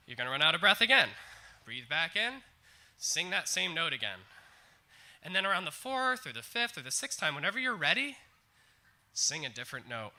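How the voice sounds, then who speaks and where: A man with a high, very animated voice coaches a live audience from the stage. His tone is bright and forceful as he counts breaths and explains what the crowd should sing next. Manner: coaching, guiding the audience through breathing and singing. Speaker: presenter leading an audience exercise.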